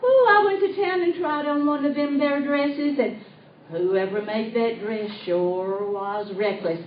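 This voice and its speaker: A folksy, hollering rural country gal with a rural Southern accent, as a woman puts her on, drawls her stories slowly in a slightly high voice. It is a live comedy impersonation monologue on stage. The sound is a dull, echoey live recording taken from far off, with a faint hiss behind her. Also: natural voice. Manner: folksy, hollering, giggly storytelling. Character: chatty rural country gal, hat with price tag. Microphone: tablet recording from the audience.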